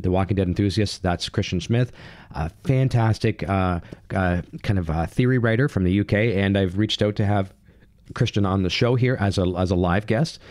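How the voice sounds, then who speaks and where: Fast-talking deep-voiced male host. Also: darkish tone, no room sound, clean studio sound. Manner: rambling, filler-heavy, enthusiastic. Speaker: channel host. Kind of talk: casual TV recap monologue.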